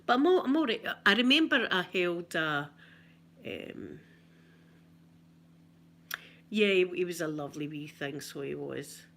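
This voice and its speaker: A woman's voice: on the low side, animated, moderate pace, vocal fry, a bit bright. A middle-aged woman with a Scottish accent chatting through funny memories in a casual ASMR video, often laughing. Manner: chatty, giggly, anecdotal. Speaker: ASMR vlogger.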